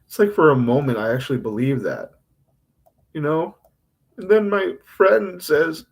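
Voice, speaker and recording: On a livestream, a man delivers an emotional, self-critical confession, rambling with halting restarts and swearing often. His voice is slightly high and gravelly.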